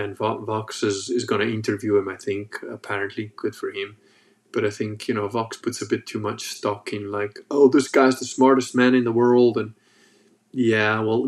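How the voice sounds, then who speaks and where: Rambling, swearing man telling stories. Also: lowish voice. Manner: rambling, profane, lots of fillers. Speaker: podcast host. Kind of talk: casual monologue.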